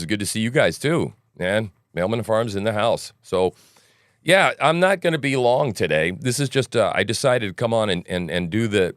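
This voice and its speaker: Male host, casual livestream commentary, morning voice, rambling, low and smooth. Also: dry recording, clean studio sound. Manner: rambling, frequent "right?" asides, joking. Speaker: news commentary podcast host.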